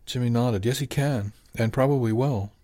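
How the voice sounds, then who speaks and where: A man reading a novel aloud as narrator, even in his storytelling and lifting his voice for the characters' lines. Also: medium pitch, normal speed. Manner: even storytelling, lifts into dialogue. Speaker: audiobook narrator. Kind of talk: scripted narration.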